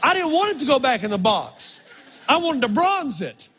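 A man preaching a sermon, telling stories with animated, drawn-out emphasis in a large church. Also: very high voice, slightly rough. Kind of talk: sermon with storytelling. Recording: long reverb of a large hall.

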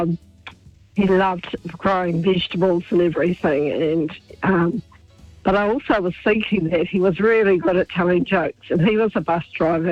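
A middle-aged woman calling in to a radio show, talking in a friendly, gentle way. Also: on the low side, no echo. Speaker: caller. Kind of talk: phone-in chat. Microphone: phone. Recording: dull, dry phone line.

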